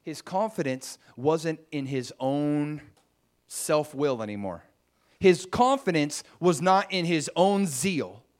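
A man's voice: on the high side, lively intonation, slow. A man preaching a sermon in a conversational storytelling way, acting out the scenes he tells.

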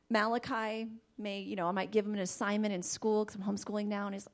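A woman giving a faith-based talk on marriage, animated, laughing often and dropping into soft asides. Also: mid-range voice, fast. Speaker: Christian marriage teacher.

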